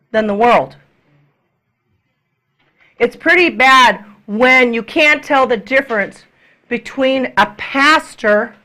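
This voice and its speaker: With a fairly high pitch, this middle-aged woman preaches to a congregation in lively fashion. She dramatizes quoted figures and at times drops into a hushed whisper.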